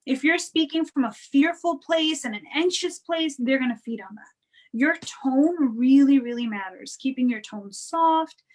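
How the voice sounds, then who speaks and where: A woman with a high voice talks through her advice in a relaxed, chatty way. She keeps checking in with her listeners as she goes. Now and then she acts out other people's tones to make a point. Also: a little slow, low-quality recording. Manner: conversational, frequent "right?" and "you know" tags; acts out quoted voices to show tone. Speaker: guest speaker on parenting and wellness. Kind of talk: casual advice talk.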